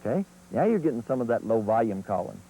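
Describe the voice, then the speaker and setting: Folksy man teaching with a lively voice. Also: medium pitch, fast talker, vocal fry, noisy background. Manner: folksy, plain-spoken teaching. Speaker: turkey calling instructor. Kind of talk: instructional video demonstration.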